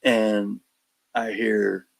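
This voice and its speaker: This is a man with a low, gravelly voice. It has a husky edge, and he tells his stories in a loose, conversational way. He acts out every line of dialogue with animated energy. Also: very slow, poor audio. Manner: animated storyteller, acts out quotes, laughs between lines. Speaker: paranormal investigator guest. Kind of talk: casual storytelling on a podcast.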